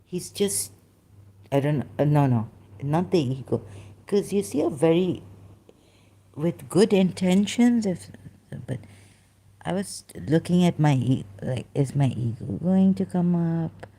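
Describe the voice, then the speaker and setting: A woman with a low, mellow voice talks to her viewers at an unhurried pace. She rambles in a loose monologue, cutting herself off and restarting her sentences as she thinks aloud. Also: lively intonation. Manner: rambling, self-interrupting, many restarts. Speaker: vlogger. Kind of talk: casual monologue.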